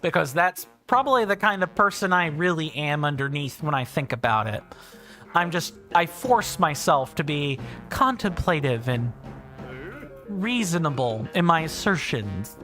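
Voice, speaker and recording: A streamer rambles casually while livestreaming a video game, his high-ish, bright and forceful voice swinging widely in pitch and moving a little slowly. He thinks aloud and restarts sentences over faint background music.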